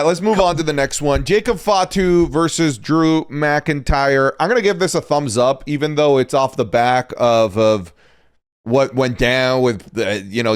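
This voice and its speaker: A young man co-hosting a podcast in casual chat, relaxed and rambling with lots of fillers and restarts. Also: medium pitch, clear, resonant tone. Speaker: podcast co-host.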